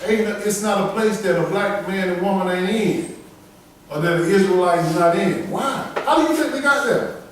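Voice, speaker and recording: A man preaches with emphatic force, urging a reader on between passages. His higher voice rings through a very reverberant room. The mic sits some way off, with faint room ambience behind him. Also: moderate pace, recorded from a distance, slight background noise. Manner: emphatic, preaching in dialect with call-and-response to a reader. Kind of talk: sermon.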